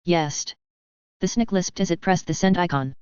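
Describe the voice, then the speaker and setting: A woman's voice: fairly low pitch, moderate pace, a little mellow, smooth, dry recording, muffled recording, lightly acted. Lisping eager little snake alien, read by a woman. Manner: warbling, bursting with enthusiasm.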